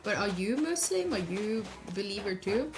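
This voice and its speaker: A woman's voice: mid-range voice, big pitch swings. Chatty woman streamer. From Norway. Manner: chatty, answers chat aloud, quick asides to the game. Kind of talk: casual live-stream chat while gaming. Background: loud game music.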